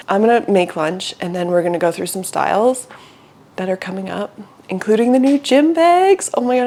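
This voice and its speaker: Chatty young woman vlogging casually. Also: medium pitch. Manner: chatty storytelling, frequent swearing and "like". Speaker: vlogger and fitness brand founder. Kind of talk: casual vlog chat. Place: her apartment.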